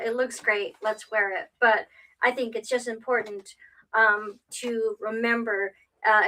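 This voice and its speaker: A woman's voice: on the high side, sharp tone, distant mic. A woman co-hosting a live stream, talking in an easygoing, chatty way. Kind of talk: casual live-stream talk.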